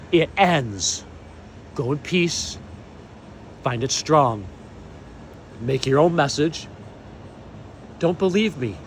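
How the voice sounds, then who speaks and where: A man delivering an impassioned monologue to camera, proclaiming slowly and emphatically, swinging between loud declarations and hushed asides. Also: medium pitch, slight background noise. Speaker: vlogger.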